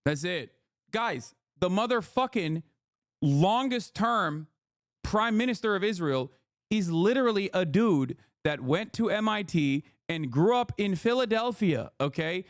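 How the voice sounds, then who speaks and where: A man in his thirties streaming political commentary from home, his somewhat high voice climbing when he gets worked up. He talks in heated, profane, incredulous bursts into a close desk mic with a dry, dead sound. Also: lively intonation, unhurried, no room sound. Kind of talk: casual livestream commentary.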